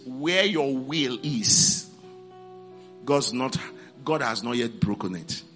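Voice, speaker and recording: A man's voice: medium pitch, expressive, slow, sharp tone, soft background music. A man preaching a sermon, repeating key words and calling out to his congregation for responses.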